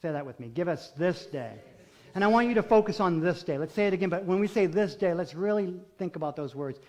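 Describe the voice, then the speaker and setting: This pastor's voice sits high, with lively intonation and a fast delivery. His sermon is built on repeated, rhythmic phrases, swinging from loud, emphatic calls to hushed, intimate moments while he leads the congregation in call and response.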